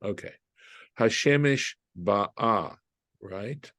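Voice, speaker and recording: Low-voiced rabbi teaching a study class. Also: male voice, lively intonation, extremely slow, a bit bright, dry recording, studio quality. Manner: thinking aloud, asks "right?" often, translates Hebrew phrases. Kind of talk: informal group Bible study.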